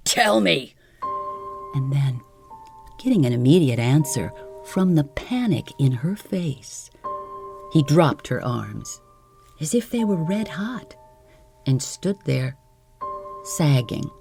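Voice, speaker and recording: Woman, sleep story narrator, soft, calm, low voice, lilting. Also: takes it slowly, long pauses, soft background music. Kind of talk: slow bedtime story reading.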